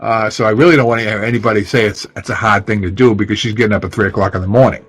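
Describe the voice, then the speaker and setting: Male radio host, lower-pitched, rambling chatty delivery, self-deprecating, lots of "um" and restarts. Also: steady tone, rapid-fire, husky, low-quality recording. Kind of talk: casual radio chat.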